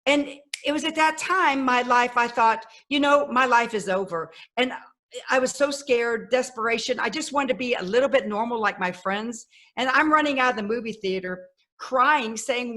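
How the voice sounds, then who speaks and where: A woman in her fifties, a podcast guest telling her life story in a lively way and acting out the voices of people she quotes. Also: on the high side, normal speed. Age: 50s. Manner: animated, acts out quoted voices. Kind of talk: personal storytelling.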